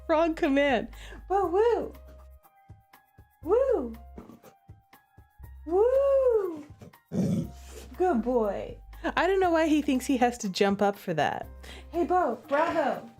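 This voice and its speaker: Bubbly high-voiced woman streamer. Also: big pitch swings, very slow, long pauses, darkish tone, soft background music. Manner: playful and giggly, chatting with and coaxing her pets. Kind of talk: casual chat while streaming. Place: room at home.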